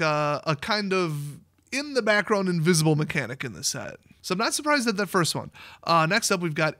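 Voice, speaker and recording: A man casually commenting on card game previews, chatty and excitable, laughing often. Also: on the high side, no echo, studio quality.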